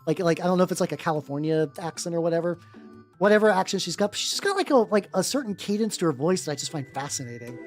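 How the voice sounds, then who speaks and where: A woman streaming as a VTuber, chatting loosely while she paints, her talk full of "like" and self-interruptions. Her voice sits a little low but swings widely in pitch, with a nerdy edge. Faint background music plays under her. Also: animated, fast, a little mellow. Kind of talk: casual live-stream chat while painting miniatures.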